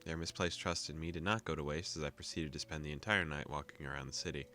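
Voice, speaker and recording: A young man hosting a gaming video, calmly reading a visual novel aloud with joking asides. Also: extremely low pitch, fast talker, soft background music.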